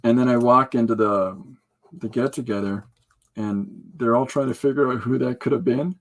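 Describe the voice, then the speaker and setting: Guy rambling on his podcast, laughs a lot, goofy, mid-pitched voice. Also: moderate pace. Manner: jokey, laughs often, breaks into impressions. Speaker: podcast host. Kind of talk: rambling casual chat.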